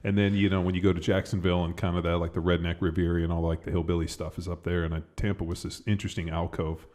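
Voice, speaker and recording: Deep-voiced man hosting a podcast. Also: quick pace. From Texas. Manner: relaxed, jokey, asks follow-up questions. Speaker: podcast host. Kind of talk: casual interview chat.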